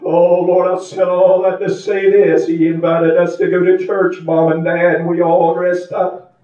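An older man preaches a fervent testimony sermon in a church. His voice sits somewhat high for a man. It is recorded from a distance, so it sounds roomy and a bit dull. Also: flat delivery, unhurried. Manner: fervent, builds to high shouting preaching with laughter. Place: church sanctuary.

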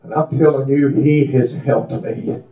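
At a church service, a man preaches a fervent testimony sermon, his voice climbing as he prays aloud and slipping into folksy storytelling; otherwise it is mid-range, level, and unhurried. The audio echoes as if from a big room and sounds squeezed thin, like it is coming over a phone line.

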